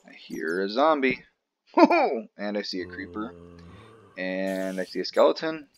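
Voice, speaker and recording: A man's voice: deep voice, animated, moderate pace, slight background noise. A man hosting a gaming channel, talking casually through his play with joking asides to himself. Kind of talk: casual let's-play commentary.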